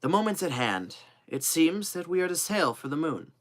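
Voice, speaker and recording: A man's voice: a little high, big pitch swings, normal speed, a bit bright, pitched above the performer's own voice. A man voicing a cheerful, loyal young manservant who talks eagerly and earnestly.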